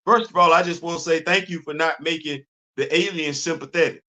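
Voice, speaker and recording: A man hosting a live comics talk show, animated and exclaiming, repeating himself as he gets excited. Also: fairly high pitch, brisk. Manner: animated, repetitive, exclaiming, laughing. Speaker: comics podcast host. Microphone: live stream mic.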